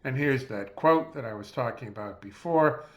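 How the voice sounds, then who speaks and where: Male doctor lecturer, medium pitch, measured and explanatory, spells out terms, close mic. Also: lively intonation. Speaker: physician lecturer. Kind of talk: recorded lecture over slides. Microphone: close mic, seated.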